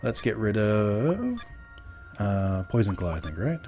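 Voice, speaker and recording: Low-voiced young man chatting on stream. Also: slow pace. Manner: rambling, filler-heavy, relaxed. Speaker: streamer reading chat. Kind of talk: casual gaming stream chat. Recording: game music behind.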